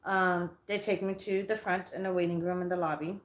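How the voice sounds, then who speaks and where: A woman's voice: lowish voice, flat delivery, brisk. A woman hosting a live stream and telling an angry story in a heated, profane rant. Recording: echoey room.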